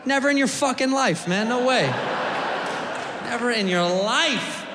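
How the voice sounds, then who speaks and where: A young American man doing a crude, animated stand-up set on a club stage, swearing freely. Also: very high voice, measured pace, over a noisy crowd. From United States. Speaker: stand-up comedian. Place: comedy club stage with a live audience. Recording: live club recording, long reverb, audience and room noise.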